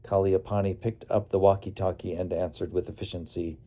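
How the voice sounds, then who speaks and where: A man narrating his memoir as an audiobook in a calm, wry storytelling manner. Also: low-pitched, brisk. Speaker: narrator and bus driver.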